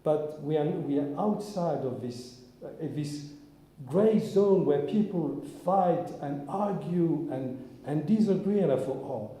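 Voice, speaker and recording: Rabbi, male, earnest reflective sermon, mellow dark tone, reverberant hall. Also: on the high side, animated, slow pace, hardly any pauses. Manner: earnest, searching, with frequent restarts. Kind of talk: informal sermon talk with the congregation. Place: synagogue hall. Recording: echoey hall, long reverb.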